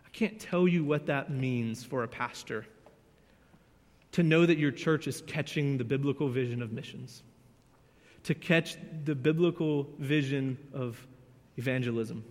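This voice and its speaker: Guy preaching, earnest and choked up, loud then quiet, big echoey church hall. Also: medium pitch, measured pace. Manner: emotional, earnest, swings between loud and hushed. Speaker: youth pastor. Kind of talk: sermon. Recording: church hall with long reverb.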